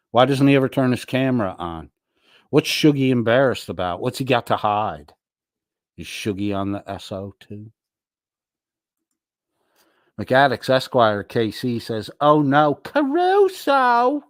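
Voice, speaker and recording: A man's voice: lowish voice, no room sound, clean studio sound. A man hosting a livestream, reading viewer comments aloud and answering them in a crude, mocking, profane way. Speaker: livestream host.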